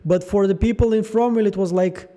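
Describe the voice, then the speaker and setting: High-voiced man musing over show theories. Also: brisk. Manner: musing aloud, animated, trailing fillers. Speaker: show theory channel host. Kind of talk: casual theory breakdown.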